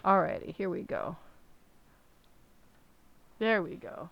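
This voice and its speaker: Slow, coaxing woman streamer with dogs. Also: fairly low pitch, very animated, creaky. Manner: coaxing, drops to a soft hush when praising the dogs. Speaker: live streamer. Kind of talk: casual chat to her dogs and viewers. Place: small indoor room at home. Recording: dull lo-fi stream audio.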